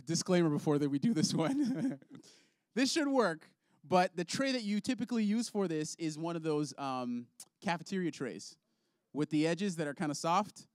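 A man's voice: on the high side, lively intonation, moderate pace, no echo, clean studio sound. Upbeat man leading a kids' lesson. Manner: upbeat, playful, laughs often. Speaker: children's ministry leader. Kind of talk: object lesson for kids.

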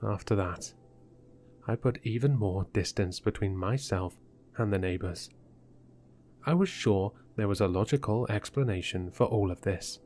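A man narrating a horror story in a measured, deliberate way. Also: fairly low pitch, a little mellow, slight background noise.

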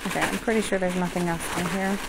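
A woman filming an unboxing vlog, talking in a nervous, excited and gushing way. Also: on the low side, fast, vocal fry, heavy background noise. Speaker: vlogger. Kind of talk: unboxing vlog, casual chat.

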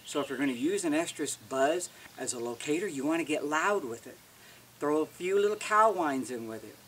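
Man teaching elk calls, folksy, slightly high voice, a bit off-mic, faint outdoor noise. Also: animated, a little fast, a bit bright, far from the mic. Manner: plain-spoken, folksy, restarts words often. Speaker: elk calling instructor. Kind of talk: casual how-to demonstration.

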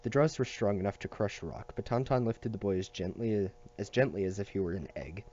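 A man reading a novel aloud at a steady pace, with small slips and restarts. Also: lowish voice, fairly quick, muffled recording. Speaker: audiobook reader.

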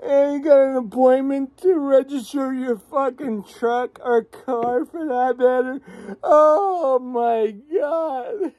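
Slow, high-voiced ranting New woman. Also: little pitch movement, warm tone. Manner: cursing, mocking, cackling. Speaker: vlogger. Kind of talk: profane political rant.

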